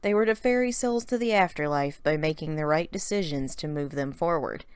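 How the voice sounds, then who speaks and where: A woman narrating a scripted story recap in a calm, gently paced storybook reading. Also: sits low, a little fast, smooth, dry recording.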